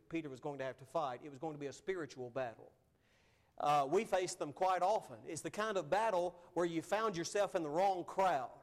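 A man preaching a sermon in an earnest, conversational way, his emphasis rising and falling as he goes. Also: fairly high pitch. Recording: long hall reverb.

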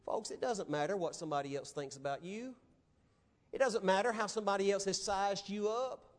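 High-voiced man preaching a sermon. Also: a little fast, in a large hall. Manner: emphatic, dramatic preaching with rising cries. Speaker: pastor.

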